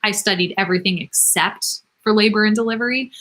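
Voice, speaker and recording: A mid-range, slightly bright female voice moves a little fast as a nurse practitioner in her thirties works through viewer comments live. She stays chatty and open, self-deprecating, and laughs frequently.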